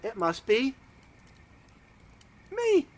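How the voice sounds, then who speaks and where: A man's voice: very high-pitched, very animated, moderate pace, a bit bright, pitched above the performer's own voice, full character voice. A man voicing an eager, boastful male royal adviser in a told story.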